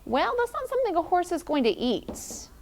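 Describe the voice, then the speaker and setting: A woman teacher leading a classroom phonics lesson, encouraging children and sounding out letters slowly. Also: very high-pitched, sing-song.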